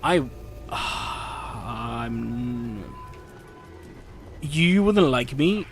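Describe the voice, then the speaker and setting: A man's voice: mid-range voice, extremely slow. Guy streaming a game, middling voice, rants and swears, keeps restarting words, faint music behind. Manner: animated ranting storytelling with frequent restarts and swearing. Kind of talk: casual chat while gaming.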